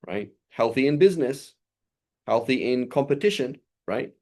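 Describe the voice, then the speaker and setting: A man's voice: mid-range voice, expressive, moderate pace, a little mellow. A man giving an informal religious lesson, talking loosely and often checking in with his listeners. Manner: conversational, often checks in with "right?"; recites Arabic passages fluently. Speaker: religious teacher.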